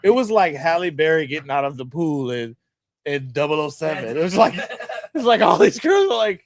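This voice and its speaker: A man, a sports columnist telling a story in casual chat, animated and laughing as he acts out quotes. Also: on the high side, fairly quick.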